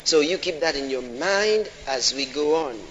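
A man's voice: fairly high pitch, lively intonation, normal speed, a bit bright. A man preaching a sermon, repeatedly questioning the congregation and pressing his points with emphatic repetition. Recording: long hall reverb, faint noise.

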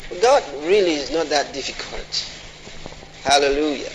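A man's voice: fairly high pitch, lively intonation, moderate pace. A man preaching a sermon, repeatedly questioning the congregation and pressing his points with emphatic repetition. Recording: long hall reverb, faint noise.

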